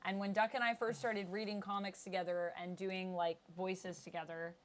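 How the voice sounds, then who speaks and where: A woman's voice: medium pitch, level tone, normal speed. A woman hosting a casual chat, chatty and laughing often. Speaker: podcast host.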